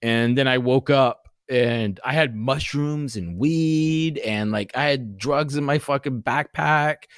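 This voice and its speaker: A man's voice: mid-range voice, slow, few pauses, no echo. Guy in his 40s cussing his way thru a wild story, dead dry close sound. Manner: profane, rambling, animated retelling. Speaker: podcast guest. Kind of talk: casual storytelling.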